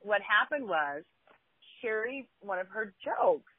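A woman with a husky, breathy voice, talking bluntly and animatedly as a podcast co-host. Her voice comes through a dry, phone-like line with no room sound. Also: mid-range voice, animated, slow pace, no room sound. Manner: blunt, storytelling, frequent restarts. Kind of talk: casual podcast chat.

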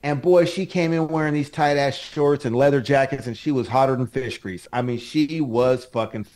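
A man's voice: medium pitch, moderate pace, a little mellow. A man co-hosting a podcast, telling raunchy stories in loose, profane, boisterous chat. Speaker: podcast co-host. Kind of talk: crude casual chat.

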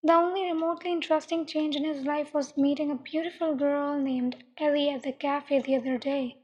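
A woman reads a dark story aloud in a calm, measured way. Her voice sits high, and the recording sounds dull and muffled. A long echoing reverb hangs around every line. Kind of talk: reading dark fiction aloud.

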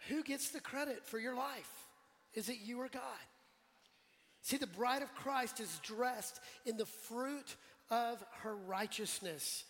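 A male pastor preaching a sermon in a relaxed, conversational way, putting questions to the congregation and joking with them. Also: very high voice, slow. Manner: conversational, quizzes the congregation, jokes. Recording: long church hall reverb.

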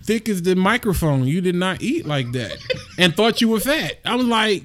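A young man chats casually, his voice sitting a little high and leaping about as he tells his stories. He slips into his wife's voice to act out her lines. The talk is lively and full of asides. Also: normal speed. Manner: animated storytelling, acts out his wife's lines. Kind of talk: casual chat.

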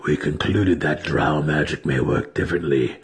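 A man voicing a brooding, vengeful male dark elf wizard who speaks in a low, measured way.

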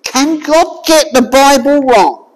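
A high, lively voice preaches a sermon at an unhurried pace. The delivery is forceful and full of rhetorical questions, now and then rising to a shout. The sound rings with the long reverb of a large hall. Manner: emphatic, fires rhetorical questions at listeners; forceful, raises voice to a shout at times.

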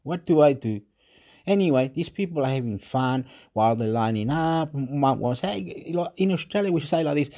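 A man's voice: on the high side, lively intonation, moderate pace, warm tone. A man ranting in a rambling monologue. He keeps repeating himself, stumbles over words and laughs now and then. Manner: repetitive, stumbling, frequent laughs; agitated, exasperated rant.

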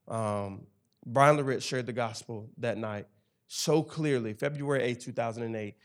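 A man in his thirties tells his faith story with emphatic, animated energy and a preacher's rhythm. His voice sits at an ordinary middle pitch. He works as a campus chaplain and talks like he's leaning toward the listener. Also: moderate pace. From Tennessee. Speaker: campus ministry director and chaplain. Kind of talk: personal testimony in conversation.

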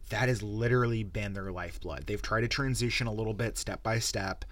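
A man's voice: fairly low pitch, a little fast, a bit bright, dry recording. A man hosting a solo gaming podcast, ranting heatedly and swearing a lot into a close mic. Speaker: podcast host.

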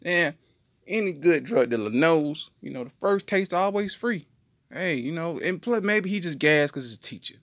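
A man telling a comedic story on a podcast in an animated, slangy way. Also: fairly high pitch, normal speed, no echo, clean studio sound. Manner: animated, slangy, jumps into voices. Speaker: podcast co-host.

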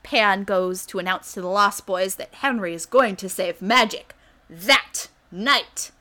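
A woman co-hosting a comedy podcast, recapping a TV episode in casual chat with a sarcastic edge and quick acted-out character lines. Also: medium pitch, sharp tone.

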